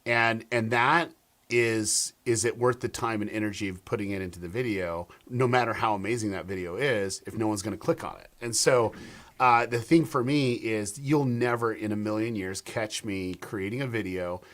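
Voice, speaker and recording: A man's voice: on the low side, moderate pace. A man, a YouTube strategist, talking as a guest on a live stream over a video call, telling stories with lots of fillers and restarts. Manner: animated storyteller, many fillers and restarts.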